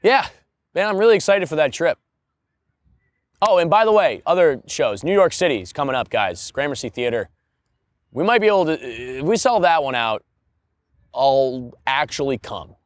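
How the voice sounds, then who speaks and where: A man's voice: a little high, expressive, moderate pace, long pauses, no echo. A young man hosting his own podcast alone, chatting casually about tour dates and self-care with crude jokes. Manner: laid-back, crude jokes, bursts into loud mock-announcer parody. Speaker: podcast host. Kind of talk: casual solo podcast chat.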